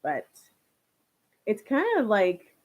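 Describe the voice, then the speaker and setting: In a muffled recording, a young Canadian woman hosts a casual live stream, speaking slowly at medium pitch with wildly swooping intonation. She chats warmly with viewers, reads their comments, laughs a lot, and relies heavily on "like" and "you know."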